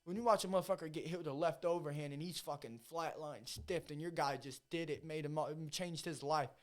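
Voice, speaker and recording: Young male podcast host, profane and rambling, fairly high voice. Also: a little fast. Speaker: podcast host and amateur fighter. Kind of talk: casual chat.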